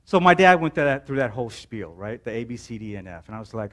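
A man's voice: medium pitch, sing-song, quick pace, fairly bright tone. A man in his forties preaching a sermon in a church, telling a story casually with many "um"s and "right?"s. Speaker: pastor.

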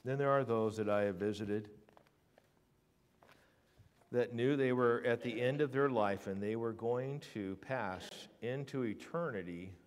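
A man preaching a sermon in a church. He swings from hushed to loud and leans on rhetorical questions and repetition. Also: medium pitch, measured pace. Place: church sanctuary.

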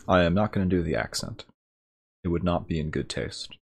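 A man hosting a gameplay video, calmly explaining his choices and reading the game's story text aloud. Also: sits low, brisk, breathy edge. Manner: calm, explanatory, matter-of-fact. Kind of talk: let's play commentary and reading game text.

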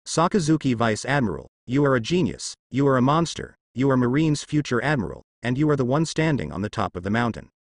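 A man's voice: mid-range voice, sing-song, fairly quick, vocal fry, hardly any pauses, dry recording, studio quality. A man voicing a righteous young male navy rear admiral who speaks in firm, reproachful speeches.

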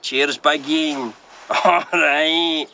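A man's voice: fairly high pitch, steady tone, drawn-out words, background noise. An actor with a Glasgow accent playing a shifty, pushy man who insists he is an undercover officer. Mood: insistent. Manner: pushy, insistent, shouts demands.

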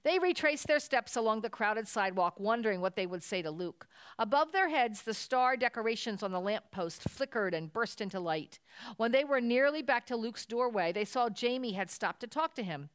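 A woman reading a children's Christmas story aloud at a church service, telling it with lively expression. Her voice sits fairly high and sounds smooth and clear. The recording is close and dry. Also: normal speed, no room sound.

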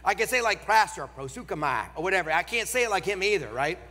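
A man with a nasal voice and a Northern American accent, preaching a sermon with emphasis, slowing down for key phrases. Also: high-pitched, animated, sharp tone. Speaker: guest preacher. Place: large church auditorium. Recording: long hall reverb.

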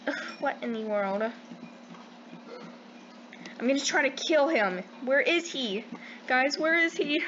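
A young woman giving casual gameplay commentary as a channel host, excitable, squealing when panicked and full of "like" fillers. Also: sits high, takes it slowly, long pauses, lo-fi sound, a little hiss or hum.

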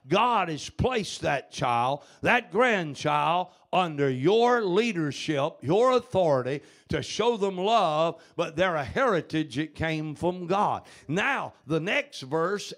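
A man's voice: sits high, fairly bright tone. A man preaching a sermon, dropping to near whispers and rising again for emphasis. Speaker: pastor. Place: church sanctuary.

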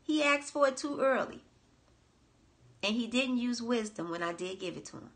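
A woman's voice: a little high, lively intonation, moderate pace, fairly bright tone, pitched above the performer's own voice. A woman voicing a loving, forgiving father who coaxes his son to come and celebrate. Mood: coaxing. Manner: coaxing, celebratory. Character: loving father, older man, warm and forgiving.

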